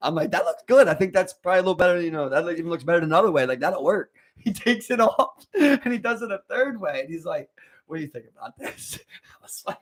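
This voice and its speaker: A man with a Baltimore accent, high-pitched and lively, telling stories in a loose podcast chat. He drops into the voices of coworkers and comedians as he goes, mixing laughter and cursing into the talk. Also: fast. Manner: animated storyteller, acts out quoted voices. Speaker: podcast co-host.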